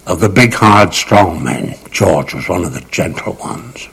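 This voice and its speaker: A man's voice: low voice, expressive, unhurried, gravelly, fairly bright tone, breathy edge, low-quality recording. An older man recalling cricket memories in a vivid, dramatic storytelling manner, lingering on words for emphasis. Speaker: cricket raconteur. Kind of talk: anecdotal reminiscence.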